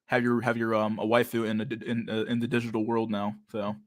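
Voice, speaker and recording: A man's voice: fairly low pitch, completely flat delivery, a little fast, no echo, clean studio sound. A young man hosting a casual livestream chat, talking with a lisp and a stutter and many fillers as he reads out chat messages. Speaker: livestream host reading chat.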